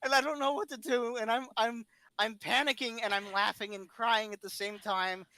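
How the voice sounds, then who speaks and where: A man on a podcast, telling a funny story in a lively way and laughing often. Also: extremely high pitch, normal speed, dry recording. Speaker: podcast co-host. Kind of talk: casual storytelling chat.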